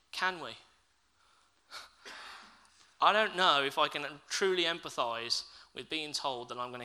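A man's voice: fairly high pitch, bright, forceful tone, rough recording. A man preaching a sermon, reading scripture and then reflecting aloud and asking his listeners questions.

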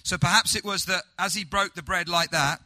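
This sermon comes from a high-pitched man whose intonation is fairly even. He asks rhetorical questions of the congregation and swings between loud, urgent lines and hushed, slow ones.

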